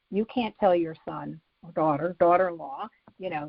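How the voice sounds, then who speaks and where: A woman with a slightly husky, breathy voice speaks as a guest psychologist, laying out advice step by step in a calm, instructive way. She acts out example sentences in the same even tone. The recording is dry and a little dull, with a lo-fi edge. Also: fairly low pitch, normal speed, no echo. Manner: calm, instructive, walks through numbered steps and acts out sample phrases. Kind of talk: explaining advice in an interview.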